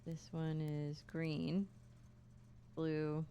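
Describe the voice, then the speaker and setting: A woman's voice: low-pitched, completely flat delivery, very slow, warm tone, a little hiss or hum. A woman streaming a video game, chatting casually and reacting aloud to what happens and to her chat. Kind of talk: casual gameplay commentary.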